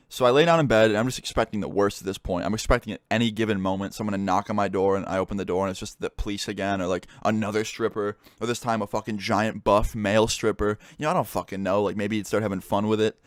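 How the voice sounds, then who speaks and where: Low-voiced young man telling a story. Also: fairly even intonation, quick pace, few pauses, no room sound, studio quality. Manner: swears freely, full of "like" fillers. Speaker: YouTube storyteller. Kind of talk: casual storytime narration.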